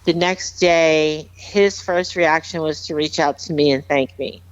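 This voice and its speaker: Woman, podcast guest, heartfelt storytelling, emphatic, low-pitched, dry dull recording. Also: fairly even intonation, unhurried, smooth, no room sound. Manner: earnest, emphatic, repeats herself. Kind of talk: heartfelt storytelling, casual chat.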